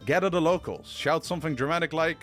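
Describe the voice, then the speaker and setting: A man's voice: fairly high pitch, quick pace, over loud music. A man giving comedic scripted narration for a history video, with sarcastic, playful asides to the viewer.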